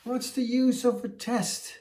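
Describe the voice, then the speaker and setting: A man's voice: very high voice, steady tone, takes it slowly, warm tone, pitched above the performer's own voice. A man voicing a huge, proud male elephant who speaks in an indignant, boastful way in a folk tale. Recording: echoey room.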